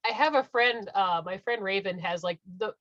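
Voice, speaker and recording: A woman's voice: mid-range voice, moderate pace, no echo, lo-fi sound. A woman with a Midwestern American accent, co-hosting a podcast in casual chat, telling stories and laughing often. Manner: laughing, animated storytelling. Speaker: podcast co-host.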